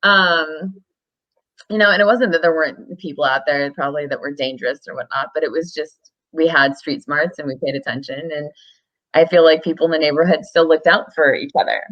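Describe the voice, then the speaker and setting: A woman's voice: deep voice, brisk. A woman guest in a casual chat, speaking thoughtfully and hesitantly with frequent ums. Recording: dull lo-fi sound.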